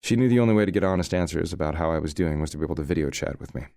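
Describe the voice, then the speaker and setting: A man's voice: extremely low pitch, lively intonation, very fast, creaky, mellow, no room sound. A man narrating a first-person romance audiobook in a wry, conversational way, recorded close to the mic.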